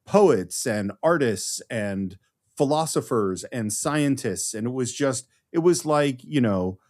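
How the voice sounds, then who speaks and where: A man's voice: mid-range voice, expressive, slow, a little mellow. A man co-hosting a podcast, explaining a film in a casual, enthusiastic way with frequent restarts. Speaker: podcast co-host.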